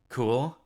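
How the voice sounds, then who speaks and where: A man giving casual, wry commentary while playing a video game. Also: very noisy. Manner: wry, sarcastic remarks. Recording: music playing behind.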